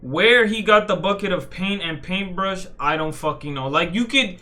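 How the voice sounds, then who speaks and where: A man's voice: sits high, moderate pace, pushed and bright. A young man giving casual, rambling commentary as a streamer, swearing a lot and restarting his sentences. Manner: rambling, profane, full of fillers and restarts.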